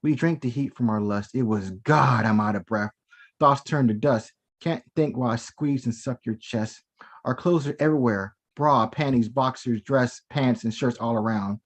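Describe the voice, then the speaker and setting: A man performing his own spoken-word poetry over a video call from home, with a rhythmic, dramatic delivery that sinks lower and softer for sensual verse. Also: normal speed. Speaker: performing poet.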